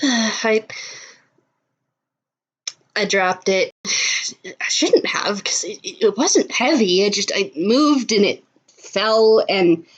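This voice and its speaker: A woman's voice: mid-range voice, lively intonation, very slow, pauses often, husky, full character voice. A jittery male cartoon toon who trips over his own words and stammers anxiously, as a woman puts him on in a tabletop game. His voice sits at a middling height and comes through a slightly dull, lo-fi recording. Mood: gloomy. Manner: stammering, anxious, soft-spoken. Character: flustered nervous male toon artist.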